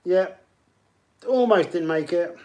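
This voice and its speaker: A man's voice: high-pitched, slow pace, darkish tone. A man hosting a live online pub quiz, chatting and greeting players by name as he reads questions. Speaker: quiz host.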